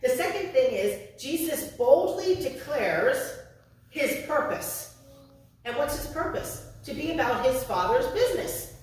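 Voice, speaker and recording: A woman's voice: high voice, very animated, unhurried. Echoey distant woman preaching. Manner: conversational storytelling, acts out voices of parents. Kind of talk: sermon. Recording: echoey room, heard from a distance.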